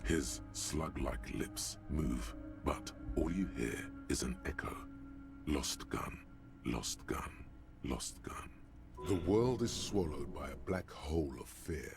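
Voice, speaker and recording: A man's voice: expressive, slow, vocal fry, exaggerated voice. A man voicing a harsh, mocking inner narrator voice in a video game. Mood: narrating. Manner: deep, mocking, commanding. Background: game music.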